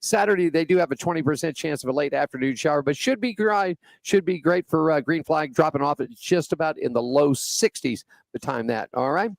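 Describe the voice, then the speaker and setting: Gravelly folksy man on racing radio. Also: a little high, fairly quick, few pauses, no echo. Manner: easygoing, folksy, says buddy and man. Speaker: radio show co-host. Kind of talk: casual racing radio talk. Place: Las Vegas area.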